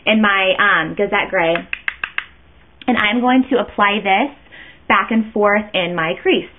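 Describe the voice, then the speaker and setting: A woman's voice: medium pitch, unhurried. A woman chatting her way through a makeup tutorial, rambling and interrupting herself as she goes. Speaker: beauty vlogger. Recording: tinny phone-like sound.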